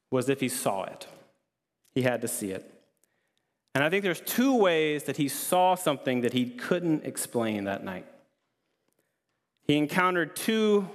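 A man pastor preaching a sermon in an earnest, conversational way, repeating key lines for emphasis. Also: a little high. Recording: long hall reverb.

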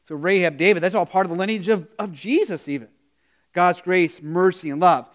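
A man's voice: high voice, a little fast. A pastor giving a conversational sermon, retelling stories and asking his congregation questions.

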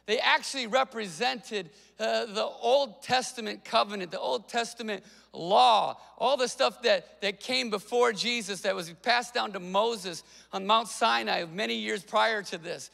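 A man preaching a sermon as pastor, conversational and animated, with quick asides to the congregation. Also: high voice, vocal fry, long reverb tail.

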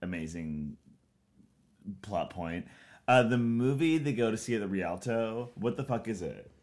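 A man co-hosting a film podcast, retelling scenes in animated, profane bursts. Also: lowish voice, a little slow. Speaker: podcast co-host. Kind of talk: casual film podcast chat.

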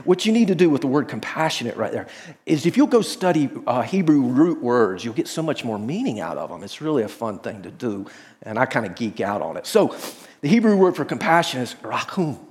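A man preaching to a large auditorium, telling vivid stories with energy that rises into excited exclamations and then falls to near-whispers. His voice sits at an ordinary middle pitch and rings out with a long reverb tail from the big room. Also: a little fast. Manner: animated storytelling, dropping to hushed tones. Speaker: pastor. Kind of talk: sermon.

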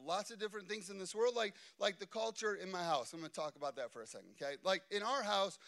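A man in his thirties preaching a sermon, telling chatty family stories and often checking in with "okay?". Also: sits high. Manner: animated, chatty, keeps asking "okay?". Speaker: pastor.

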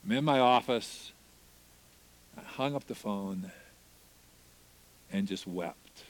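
A man telling a personal testimony as a sermon, acting out the people he quotes and swinging from loud praise to hushed, tearful moments. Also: lowish voice, slow. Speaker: preacher. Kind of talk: sermon storytelling.

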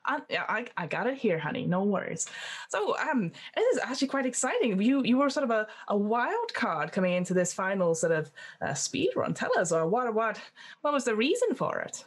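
A woman's voice: mid-range voice, very animated, a little fast, slightly rough. A woman voicing a frantic, gushing female magazine editor who calls everyone honey and dear.

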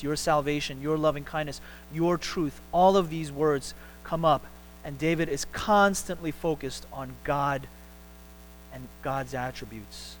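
A man preaching a sermon as a pastor in a church, talking in an animated way with many repeated words and restarts, climbing up for his emphatic points. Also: medium pitch, a little hiss or hum, poor audio. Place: church sanctuary.

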